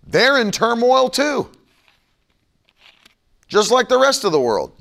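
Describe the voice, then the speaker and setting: A man's voice: extremely high pitch, big pitch swings, slow, vocal fry, a bit bright. A middle-aged man preaching a broadcast sermon and leading a prayer, emphatic and fervent, now and then mocking his critics.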